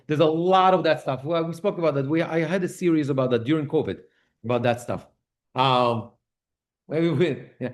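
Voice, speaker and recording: In a voice on the high side, a man gives a conversational lecture on prayer at a synagogue, taking the terms one at a time. As he translates he restarts phrases and frequently checks in with "okay?"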